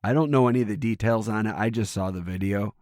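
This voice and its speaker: Hoarse, gravelly-voiced man, very low. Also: quick pace, a little mellow, no room sound, clean studio sound. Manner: rambling, restarts and swears casually. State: hoarse, losing his voice. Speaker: podcast co-host. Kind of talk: casual chat. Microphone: studio microphone.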